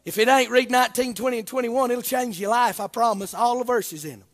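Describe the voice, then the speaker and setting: A Baptist preacher, delivering a sermon that swings between hushed talk and shouted, chanting preaching. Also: male voice, very high voice, brisk, big-room sound.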